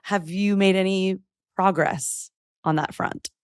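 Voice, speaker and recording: A woman's voice: medium pitch, steady tone, slow, clear, resonant tone, dry recording, clean studio sound. Playful teasing woman podcast host. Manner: playful and teasing, laughs a lot, tries British slang. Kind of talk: casual podcast interview.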